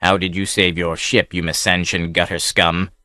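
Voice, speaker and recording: A man voicing a hot-tempered buccaneer who speaks slowly with a growl, in an audiobook reading. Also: lowish voice, a bit bright, no room sound, clean studio sound. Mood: snarling. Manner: slow, growling. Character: snarling, hot-tempered male buccaneer leader.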